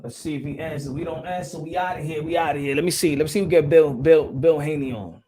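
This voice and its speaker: A man's voice: fairly high pitch, fast, mellow, slight background noise. A man hosting a casual boxing live stream, talking loosely in slang and muttering to himself while he checks who is on.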